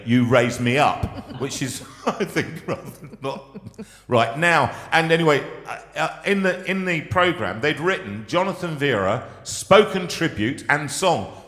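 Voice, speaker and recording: A man's voice: mid-range voice, fairly bright tone. A man hosting a live show, telling funny stories in a chatty, self-mocking way and laughing as he goes. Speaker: host. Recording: echoey room with long reverb.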